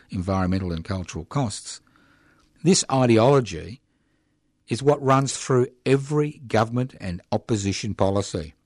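A man's voice: on the low side, darkish tone, dry recording, clean studio sound. An older man hosting a radio show, giving passionate, indignant political commentary with mocking asides. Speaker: radio host.

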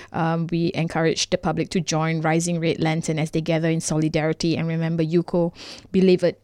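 A woman hosts a community radio breakfast program, running through the morning's segments. Her voice sits low and the sound is dry and close, and she fills gaps with ums as she reads. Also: darkish tone, clear, resonant tone, no echo. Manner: frequent ums, reading a rundown. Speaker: radio presenter.

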